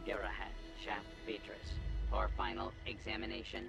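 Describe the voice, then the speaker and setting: A cold male robot announcer from a video game, droning in a deep, gravelly register with sharp swings in pitch. Loud game music plays behind him, and he sounds distant from the mic. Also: sing-song, moderate pace, muffled recording, full character voice. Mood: flat.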